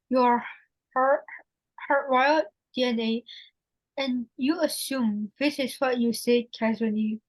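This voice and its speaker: A woman reading a text aloud in class, halting and stumbling on some words. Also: high-pitched, dry recording, rough recording.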